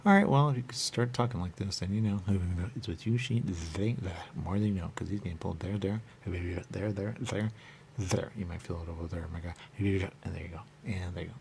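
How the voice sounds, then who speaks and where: A man's voice: low voice, moderate pace, vocal fry, darkish tone, a little hiss or hum. A man talking on in a rambling, repetitive monologue as a radio show host, looping back to the same catchphrases.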